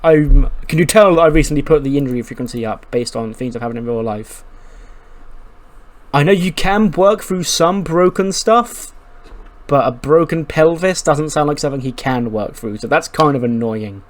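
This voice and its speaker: Brief: casual male game commentator, animated and profane, middle pitch. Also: brisk, few pauses. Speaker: gaming commentator. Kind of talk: casual let's-play commentary.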